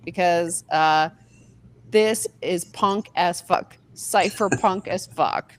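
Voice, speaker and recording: A woman co-hosting a casual group chat over a call, excited and swearing freely. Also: on the low side, takes it slowly. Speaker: podcast co-host.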